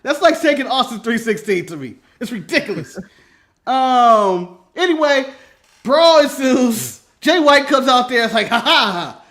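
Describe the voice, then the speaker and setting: An American man with an extremely high, slightly bright voice co-hosts a laid-back wrestling recap podcast. He laughs a lot and talks energetically while working through his notes.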